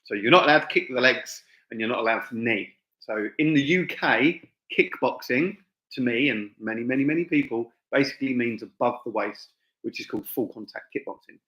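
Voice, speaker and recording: A man's voice: medium pitch, a little fast, sharp tone. Chatty English man live-streaming. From England. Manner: chatty, informal, with asides and fillers. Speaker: fight promoter and gym owner. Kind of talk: live-stream chat to viewers. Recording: echoey dull room sound.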